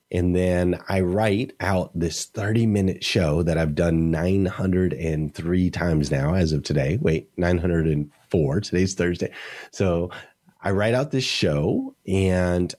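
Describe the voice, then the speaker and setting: A man's voice: sits low, darkish tone. A middle-aged man speaking as an interview guest, earnest and emphatic, repeating phrases for effect. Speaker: morning show host. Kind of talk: motivational interview talk.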